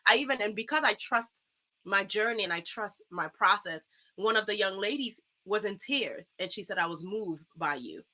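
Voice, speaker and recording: Woman dancer guest, bright voice, earnest and uplifting. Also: medium pitch, normal speed. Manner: earnest, uplifting, animated storytelling. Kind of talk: casual talk show chat.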